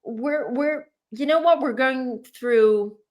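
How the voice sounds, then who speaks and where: A woman's voice: high voice, slow, darkish tone. A woman in her thirties, a clairvoyant tarot reader hosting a casual chat, talking earnestly and repeating herself as she goes. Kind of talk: casual spiritual reading chat.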